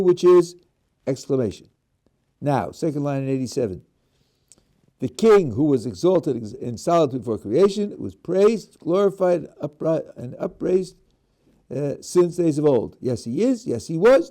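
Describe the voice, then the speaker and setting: Middle-aged rabbi teaching a class, kinda high voice, explains step by step and quizzes the room. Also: male voice, dark tone. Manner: explains step by step, asks students questions, restarts words. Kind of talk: lecture on prayer.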